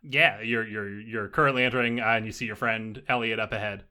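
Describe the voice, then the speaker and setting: A man running a tabletop game who narrates loosely and fills his speech with "uh" and "like". His voice is bright. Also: fairly low pitch, fairly even intonation, brisk. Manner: loose, rambling, with many fillers. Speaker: game master.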